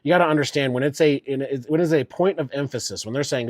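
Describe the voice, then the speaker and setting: A man's voice: a little high, quick pace, dry recording, clean studio sound. Fired-up man calling football from home. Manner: casual, swears freely, gets worked up over calls. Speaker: streamer doing live play-by-play. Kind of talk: live sports play-by-play and reactions.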